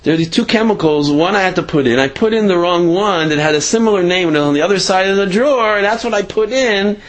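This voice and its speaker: A man voicing a flustered male pharmacist who explains himself fast and anxiously. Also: high voice, pitched above the performer's own voice, close to an everyday voice. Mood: alarmed.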